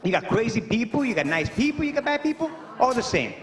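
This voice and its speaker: Puerto Rican stand-up comic, high and animated, chatty with loose asides. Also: male voice, fast. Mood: storytelling. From Puerto Rico. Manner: rambling, animated storytelling with many fillers. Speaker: stand-up comedian. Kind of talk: stand-up comedy set.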